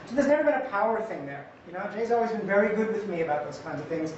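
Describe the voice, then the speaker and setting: A man giving an academic conference talk in a conversational, lively way with jokey asides. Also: high-pitched, rapid-fire, a little hiss or hum. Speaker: conference presenter. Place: lecture hall. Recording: echoey hall, distant mic, dull sound.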